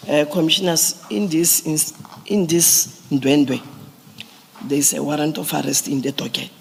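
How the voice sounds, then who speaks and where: A man giving formal testimony to a commission, explaining police procedure step by step with halting restarts. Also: fairly high pitch, steady tone, creaky, a little mellow, slight background noise. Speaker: police witness at a commission hearing. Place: large hearing room. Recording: echoey hearing room.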